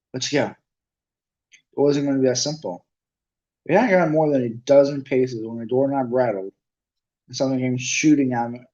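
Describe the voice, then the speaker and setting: A man's voice: mid-range voice, dark tone. Guy reading a book aloud, casual with slips, muffled lo-fi audio. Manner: unpolished, with restarts and asides. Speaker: reader. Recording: dull lo-fi recording.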